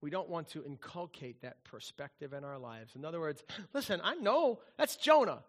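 A middle-aged man preaching a sermon as a pastor, conversational and animated, often acting out quoted voices. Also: a little high, normal speed.

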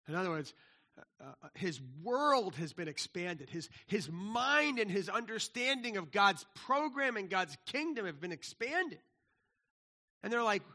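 A male pastor delivering a sermon in a high, bright voice. He is animated, voicing the people in the passage himself and restarting his sentences often. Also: unhurried. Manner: animated, acts out biblical dialogue, frequent restarts.

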